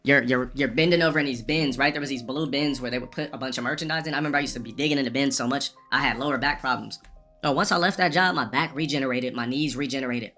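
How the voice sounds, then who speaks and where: A male streamer ranting through a personal story at a rapid clip, words tumbling out with restarts and swearing. His delivery is loose and casual, with faint music underneath. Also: medium pitch, pushed and bright. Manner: rambling, profane, restarts often.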